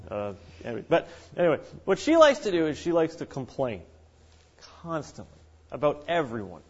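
Male preacher, slightly high voice, lively delivery with acted-out quotes, muffled lo-fi recording. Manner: animated, acts out quoted voices. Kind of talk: sermon. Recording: dull lo-fi recording.

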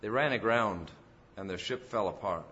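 Emphatic preaching man, bright and forceful. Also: fairly low pitch, moderate pace, lo-fi sound, a little hiss or hum. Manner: emphatic preaching, rising loud on key phrases. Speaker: pastor. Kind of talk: sermon.

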